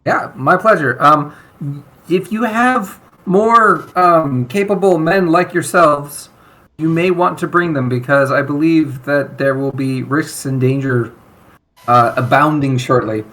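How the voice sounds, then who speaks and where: A man playing a small male high priest who floats on a book and speaks in a formal, wordy way. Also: a little slow, pushed and bright. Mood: polite. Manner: formal and wordy, fond of fancy words.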